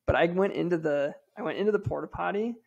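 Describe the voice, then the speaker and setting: A man's voice: high voice, quick pace, vocal fry, darkish tone, breathy edge, highs cut off. A man in his thirties, a podcast regular, telling a candid, self-deprecating story in a casual way.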